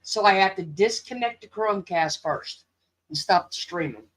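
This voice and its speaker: A woman's voice: mid-range voice, moderate pace, poor audio. A woman in a casual chat, patiently explaining how to fix a streaming setup.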